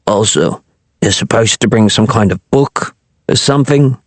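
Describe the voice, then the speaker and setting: A man reading aloud and voicing a resentful young kitchen boy who speaks in a flat, annoyed, deadpan way. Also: fairly low pitch, normal speed, no room sound, lightly acted.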